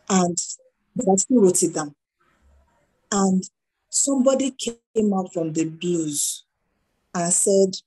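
A middle-aged woman with a Nigerian accent talks through her stories in an interview. She slips into the voices of the people she quotes, and her tone stays mellow and warm throughout. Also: lowish voice, husky, poor audio. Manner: animated storyteller who acts out dialogue. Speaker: guest entrepreneur. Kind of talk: conversational interview.

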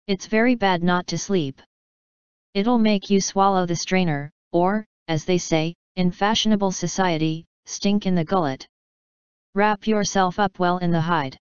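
A cocky street urchin full of slang and teasing bravado, read by a woman in a lowish, very clear voice. The recording is dry and a little dull, close to the mic. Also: a little slow, no echo, natural voice. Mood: bossy.

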